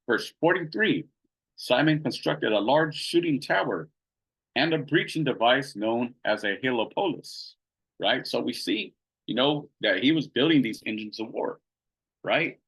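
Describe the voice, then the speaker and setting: A man's voice: mid-range voice, animated, moderate pace, creaky, fairly bright tone, breathy edge, poor audio. A man teaching a Bible study in a casual, conversational way, reading passages aloud and checking in with "right?" as he goes. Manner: conversational, many fillers and "right?" tag questions.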